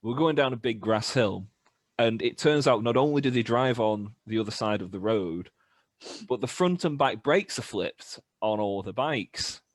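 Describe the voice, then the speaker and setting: A young British man in a band, casually telling animated stories on a podcast and acting out the voices. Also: medium pitch, normal speed, no echo. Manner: animated anecdotes with laughs and acted-out voices. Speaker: band member podcast host. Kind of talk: casual storytelling chat.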